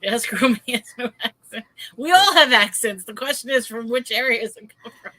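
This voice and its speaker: A woman hosting a live-stream conversation over a video call, her voice a little high and very bright. She tells stories animatedly and laughs often, all heard close and dry. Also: normal speed, no room sound, poor audio. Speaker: host. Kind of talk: casual chat on a live stream.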